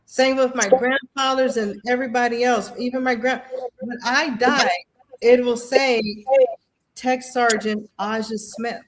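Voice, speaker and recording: Woman, middle-aged, animated storyteller, acts out quotes, slightly high voice. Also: measured pace. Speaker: guest, Air Force veteran. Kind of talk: emotional conversation about grief.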